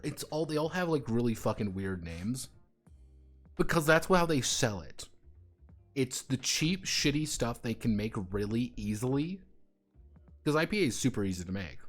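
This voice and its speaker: A man's voice: medium pitch, lively intonation, brisk, soft background music. Guy on a stream ranting and swearing, jokey, mid voice. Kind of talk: casual chat on a live stream.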